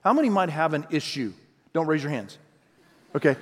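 Brief: animated high-voiced man preaching a sermon, echoing church hall. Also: brisk, long pauses. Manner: animated, acts out quotes in voices. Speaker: pastor.

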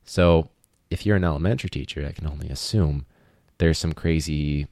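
A man, a high school teacher hosting a casual podcast, joking, asking questions and laughing often. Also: normal speed, darkish tone, no room sound, studio quality.

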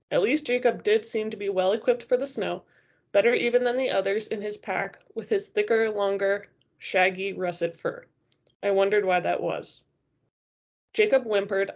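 A woman reading a first-person novel aloud in a steady, expressive way, in a dull lo-fi recording. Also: medium pitch, moderate pace. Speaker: audiobook reader.

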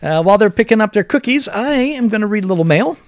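A man's voice: sits high, lively intonation, fast, very noisy. A man co-hosting a podcast in casual chat and reading listener mail, upbeat and playful. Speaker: podcast co-host.

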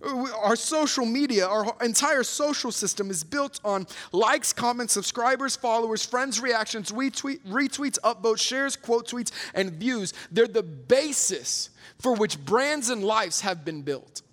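A man's voice: extremely high pitch, lively intonation, a little slow, few pauses, a bit bright. A young man preaching a sermon in an earnest storytelling way, with many restarts and fillers. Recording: long reverb of a hall.

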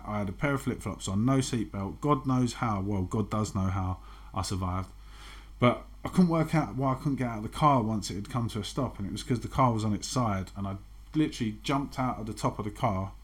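Man, 40s, lowish voice; blunt, sweary personal testimony. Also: breathy edge. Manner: blunt and frank, swears freely. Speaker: guest telling his recovery story.

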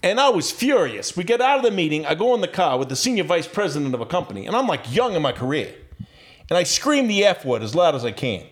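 A man as a podcast guest, telling a story in an animated, profane way and laughing as he goes. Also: a little high, quick pace. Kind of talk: casual storytelling.

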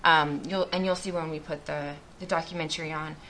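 A woman with a slightly low voice speaks to a group as a missionary. She shares her faith testimony earnestly and thoughtfully, often starting her sentences over. A faint background noise sits under her voice. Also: fairly even intonation, a little fast, a bit bright. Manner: earnest and reflective, with frequent restarts.

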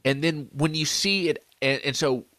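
A man's voice: a little high, moderate pace, a bit bright, no echo. Drunk guy rambling and hiccuping on a podcast, dry close mic. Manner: rambling, tipsy, laughing. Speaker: podcast co-host. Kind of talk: casual chat.

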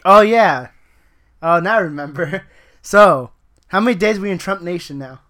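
A man with a bright, forward voice chatting casually on a podcast. He jokes about himself and laughs through much of what he says. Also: sits high, lively intonation, normal speed. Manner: laughs often, jokey and self-mocking. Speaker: podcast co-host. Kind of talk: casual joking chat.

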